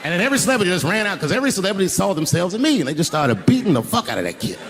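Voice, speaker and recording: An older man telling a profane, animated stand-up story on an arena stage, acting out voices as the crowd laughs. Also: sits high, very fast. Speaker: stand-up comedian. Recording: live arena recording with crowd noise. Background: crowd laughing and cheering.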